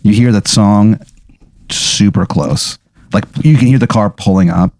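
A man's voice: on the low side, unhurried, vocal fry, a little mellow, dry recording, studio quality. A man narrating an improvised comedic game scene in a casual, profane, rambling way with many fillers. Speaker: game master.

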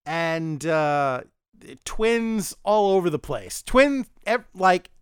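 A man's voice: sits high, lively intonation, extremely slow, smooth, dry recording, clean studio sound. A man hosting a podcast, casually reviewing a TV episode, rambling, chuckling and acting out the characters' lines. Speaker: podcast host.

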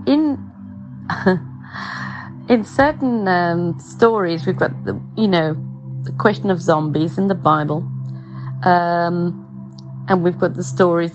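A woman's voice: on the low side, creaky. A woman giving an informal sermon, conversational and earnest, using everyday examples. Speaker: preacher. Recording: dull lo-fi sound with faint music.

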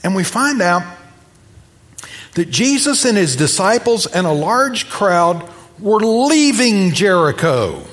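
A high-pitched male preacher delivers a storytelling sermon, swinging from hushed asides to bold outbursts as he acts out the people in the story. His voice trails off into the long reverb of a church sanctuary. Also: sing-song, takes it slowly. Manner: storytelling preacher acting out voices, shifting loud and soft. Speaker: pastor.

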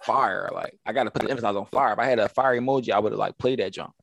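A young man chatting casually, animated and quick to laugh, often repeating himself as he reacts. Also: mid-range voice, gravelly, no room sound. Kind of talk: casual chat.

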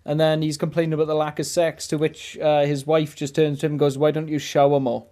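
Bloke telling a story in a casual chat, lots of uhs and restarts, kinda high but mellow. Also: male voice, monotone, quick pace. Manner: rambling, many fillers and restarts. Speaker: podcast host. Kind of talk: casual chat, recounting news.

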